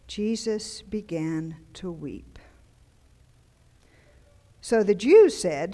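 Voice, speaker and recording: An older woman preaching a conversational, humorous sermon into a handheld microphone, turning animated and then dropping to near-whispers for emphasis. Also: mid-range voice, takes it slowly, long pauses. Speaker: guest preacher. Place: church sanctuary. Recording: long church-hall reverb.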